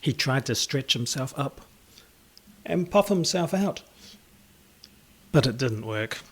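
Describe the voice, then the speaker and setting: A man reading a children's picture book aloud in an expressive, theatrical way. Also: mid-range voice, slow pace, husky. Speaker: storyteller.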